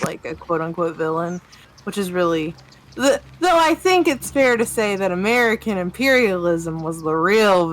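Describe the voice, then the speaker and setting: A woman with a fairly low voice, chatting loosely on a live game stream. She rambles, laughs often and gives frank opinions. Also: fairly bright tone, low-quality recording. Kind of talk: casual chat while playing a game.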